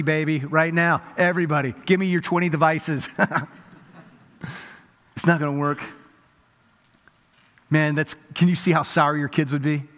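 A middle-aged male pastor preaching a sermon, swinging from lively emphasis to hushed intensity. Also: a little high. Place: large church hall. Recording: reverberant church hall.

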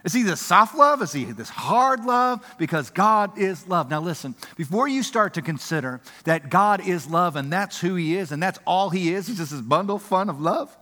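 A man preaching a sermon in an animated, emphatic way, swinging between loud passages and hushed ones. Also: a little high. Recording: reverberant hall.

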